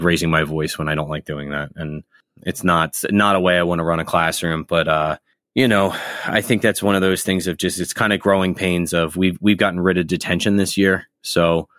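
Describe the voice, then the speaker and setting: A man co-hosting a podcast, talking in a relaxed, rambling way with many restarts. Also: sits low, dry recording. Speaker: podcast co-host. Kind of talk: casual podcast chat.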